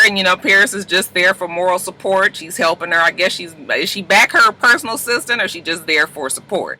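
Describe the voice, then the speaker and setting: A reviewer giving a casual, gossipy recap of a reality show, with animated delivery and laughing asides. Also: medium pitch, a little hiss or hum.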